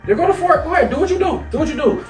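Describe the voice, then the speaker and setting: High-voiced energetic motivational speaker man. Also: very fast. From York, Pennsylvania. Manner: energetic and preachy, with teasing banter. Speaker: motivational speaker and show host. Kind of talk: casual motivational talk while cooking. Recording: echoey room, mic at a distance, music underneath.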